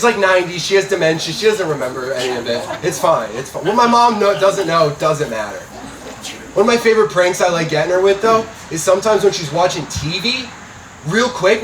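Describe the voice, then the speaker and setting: Young male stand-up, deadpan with loud punchlines, roomy and noisy club sound. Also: sits high. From Scranton, Pennsylvania, USA. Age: young adult. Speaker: stand-up comedian. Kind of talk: stand-up comedy set. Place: comedy club stage before a live audience. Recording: roomy club audio from a distance with noise.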